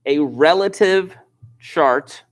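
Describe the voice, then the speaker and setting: A man teaching a high school statistics class, casual and offhand, who slows down and repeats key points for emphasis. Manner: informal, offhand asides. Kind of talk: classroom lecture.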